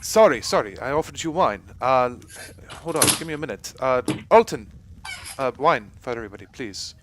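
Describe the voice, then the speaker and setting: A man's voice: mid-range voice, lively intonation, moderate pace, noisy background, voice pushed up, lightly acted. A man voicing a polite, weary village noble. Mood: eager. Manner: hesitant, apologetic, eager to please.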